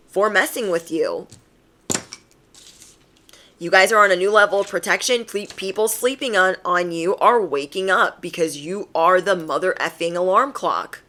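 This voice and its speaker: A woman's voice: lowish voice, a bit bright, a little hiss or hum. A young adult woman giving a casual, encouraging tarot reading to camera, emphatic and repeating phrases. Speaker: tarot reader.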